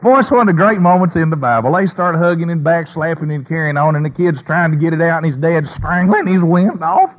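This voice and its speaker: A man preaching a folksy sermon story, animated, with lots of colloquial asides. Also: a little high, fairly quick, few pauses, poor audio.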